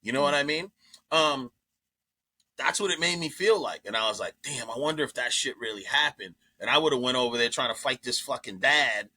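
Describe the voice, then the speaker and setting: A comedian guest telling a story in casual chat, profane and animated, jumping into other people's voices as he goes. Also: mid-range voice, fairly quick, breathy edge.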